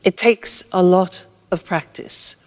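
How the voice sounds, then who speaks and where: A woman teaching English grammar with slow, deliberate explanations, drawing out her example sentences with exaggerated intonation. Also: on the low side, steady tone, long reverb tail.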